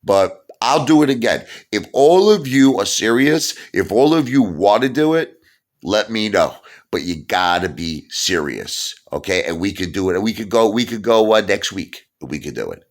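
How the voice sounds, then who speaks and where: A man in his fifties with a Brooklyn accent, ranting loudly and heatedly in a vlog monologue, breaking into shouts. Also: fairly low pitch, lively intonation, normal speed. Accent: Brooklyn New York. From Brooklyn, New York. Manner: loud, heated, bursts into shouting. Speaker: YouTube vlogger.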